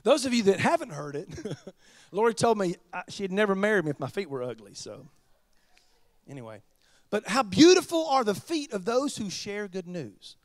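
A pastor preaching a sermon, chatty and joking with the congregation. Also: male voice, high-pitched, sing-song, normal speed, no echo.

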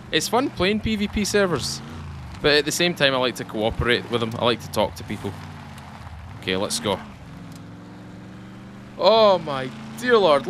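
A man from the UK chatting excitedly to viewers while playing a game. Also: medium pitch, noisy background. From United Kingdom. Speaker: gaming channel host. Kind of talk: casual gameplay commentary.

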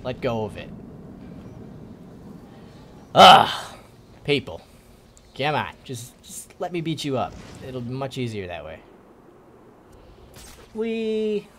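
A man's voice: mid-range voice, sing-song, normal speed, a little hiss or hum. A young man giving casual, joking commentary while playing a video game, swearing often and taunting the enemies on screen. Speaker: gaming video host.

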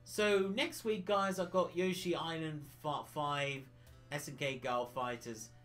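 A man's voice: on the high side, steady tone, a little slow, a bit bright, faint music behind. A man from the UK chatting casually on a retro gaming livestream, rambling and laughing often.

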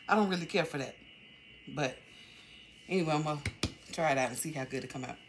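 A middle-aged woman talking casually at home in a haul vlog, chatty and halting, with many ums. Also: low-pitched, background noise. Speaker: vlogger.

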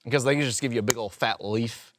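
A man's voice: mid-range voice, fast talker, no room sound. A man hosting a food review podcast in casual chat, rambling with many fillers and laughing often.

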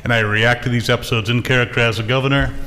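A man's voice: mid-range voice, steady tone, quick pace, pushed and bright, a little hiss or hum. A man hosting a convention panel, joking and upbeat. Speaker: panel host. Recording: long hall reverb, crowd behind.

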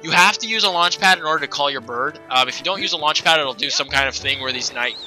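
Rambling, bright-voiced game commentator. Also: male voice, a little high, fast, soft background music, rough recording. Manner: rambling, self-correcting, chatty. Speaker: let's play host. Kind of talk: casual gameplay commentary.

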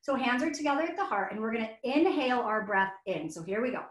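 A woman's voice: a little high, animated, fast talker. A woman leading a children's yoga breathing exercise in a webinar, speaking in a soothing, encouraging way to both kids and teachers. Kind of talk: guided yoga instruction in a webinar. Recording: roomy echo.

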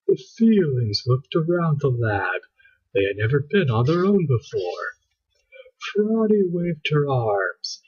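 A man reading a children's book aloud with expressive storytelling, on a dull lo-fi recording. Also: mid-range voice, slow pace, breathy edge. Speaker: storybook reader.

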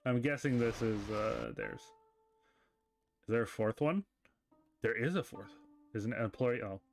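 A man's voice: medium pitch, very animated, unhurried, gravelly. A man hosting a let's play, reading the game's dialogue aloud and cracking jokes and the odd swear between lines. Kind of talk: casual gaming commentary. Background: faint game music.

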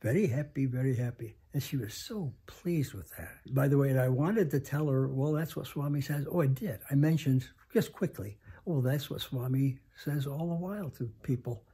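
A man in his nineties telling a story slowly, halting with many pauses and restarts. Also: mid-range voice, dark tone, husky. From United States. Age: 90s. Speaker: interview guest. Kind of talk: reflective storytelling. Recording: home interview.

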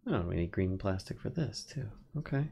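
Gravelly low-voiced man thinking aloud. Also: lively intonation, normal speed, mellow, a little hiss or hum. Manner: thinks aloud, reads out recipes, frequent laughs. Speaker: streamer, co-host. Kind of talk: casual gaming stream chat.

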